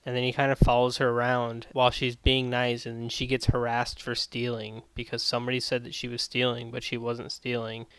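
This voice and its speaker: Sardonic, foul-mouthed male reviewer with a smooth voice, recorded dry. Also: mid-range voice, completely flat delivery, a little fast, hardly any pauses, a bit bright, no echo, low-quality recording. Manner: rambling, profane, sardonic. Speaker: anime reviewer. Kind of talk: casual spoken review.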